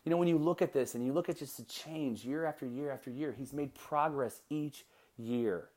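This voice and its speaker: A man in his thirties hosting a motivational podcast, telling a personal story with earnest warmth and building to emphatic encouragement. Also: medium pitch, normal speed. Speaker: podcast host.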